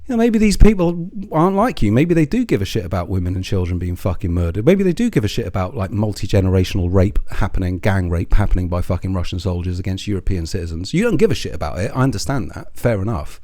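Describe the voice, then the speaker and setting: A man's voice: sits low, big pitch swings, fast, hardly any pauses, dark tone. Scornful, swearing man. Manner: profane and scornful, lots of swearing. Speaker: commentary channel host. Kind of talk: ranting commentary.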